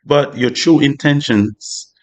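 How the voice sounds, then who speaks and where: A man's voice: mid-range voice, takes it slowly. A man giving a casual spiritual talk, loose and conversational with many "you know" asides. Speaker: spiritual vlogger.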